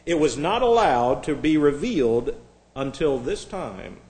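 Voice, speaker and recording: A man's voice: on the high side, sing-song, measured pace, darkish tone, reverberant, low-quality recording. A preacher voicing a persistent male auctioneer. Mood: solemn. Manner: calling out bids, pressing the crowd.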